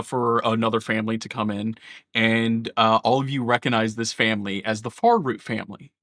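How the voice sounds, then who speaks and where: Bright-voiced man running a tabletop game. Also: fairly low pitch, no echo, clean studio sound. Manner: casual and profane, many fillers and laughs. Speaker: dungeon master. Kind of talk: live tabletop game narration.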